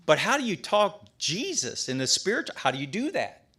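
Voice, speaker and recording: A man's voice: high voice, sing-song, brisk, sharp tone, breathy edge. A middle-aged man speaking as a priest to a room of men, in a slightly raised voice. He is folksy and emphatic, with plenty of restarts and casual asides. His delivery is a conversational sermon rather than a formal homily. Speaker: priest giving a talk.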